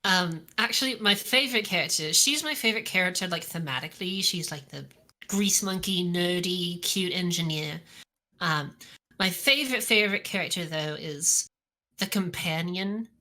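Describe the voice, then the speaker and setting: A woman on a podcast, chatting in an animated, giggly way and acting out characters' lines. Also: lowish voice, moderate pace. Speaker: podcast co-host. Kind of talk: casual chat.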